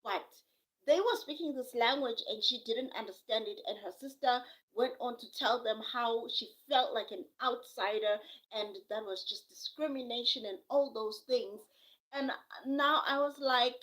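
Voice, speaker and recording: A young woman telling a personal story on a live stream from home, animated and acting out what others said. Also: a little high, moderate pace, rough recording. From South Africa. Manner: animated, acts out quoted voices. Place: home, quiet with a sleeping baby.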